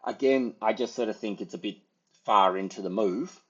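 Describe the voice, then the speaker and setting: Deep husky man, rambling trader talk. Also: moderate pace, fairly bright tone, muffled recording. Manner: rambling, full of fillers and hedges. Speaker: trader giving market commentary. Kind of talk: casual market analysis over charts.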